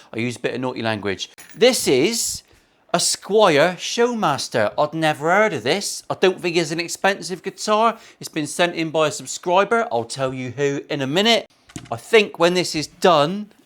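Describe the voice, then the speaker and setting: A man's voice: a little high, a bit bright. A man, a luthier hosting a casual workshop vlog full of crude, sweary, self-mocking banter. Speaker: luthier and channel host. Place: indoor guitar workshop.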